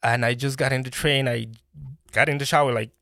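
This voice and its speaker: A man from Colombia, a native Spanish speaker, telling his story as a podcast guest in an animated way, often restarting his sentences. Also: medium pitch, brisk, creaky, dry recording, clean studio sound. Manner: animated, restarts often, bursts into laughing exclamations. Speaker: podcast guest, brand founder. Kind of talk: casual interview storytelling.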